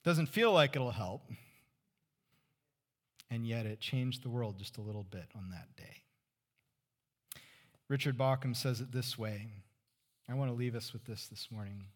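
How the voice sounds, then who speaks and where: A man in the pulpit delivers his sermon in a relaxed, conversational way. His voice sits in a middle pitch, and he keeps tossing rhetorical questions to the room. He sinks to a near-whisper when he wants a point to land. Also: a little slow, long pauses. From California Central Valley. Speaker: pastor.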